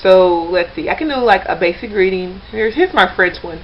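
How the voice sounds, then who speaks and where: A language-learner vlogger chats casually to her webcam, rambling along with lots of fillers and restarts. Her voice sits at a medium pitch and moves at a moderate pace. The lo-fi recording sounds slightly dull, with a little background noise.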